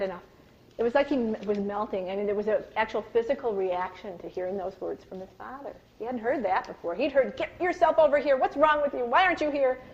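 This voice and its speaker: Woman presenting a live parenting talk; lively storyteller, slightly high voice, muffled recording. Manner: animated storytelling, acts out quoted voices. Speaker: parenting workshop speaker. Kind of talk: live workshop talk to an audience.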